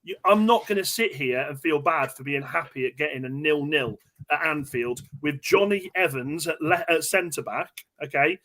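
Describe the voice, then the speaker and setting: A man in his thirties hosting a casual football podcast from home, animated, swearing, and restarting his sentences. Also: fairly high pitch, normal speed, few pauses. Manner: animated, swearing, repeats himself, stumbles over restarts. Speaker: podcast host. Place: home room.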